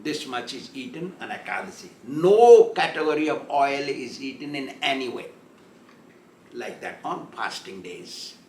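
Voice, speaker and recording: A man's voice: medium pitch, sing-song, a little slow, darkish tone, slight background noise. A man giving a storytelling sermon as a spiritual teacher, chuckling as he goes and acting out the voices in the story. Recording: echoey room.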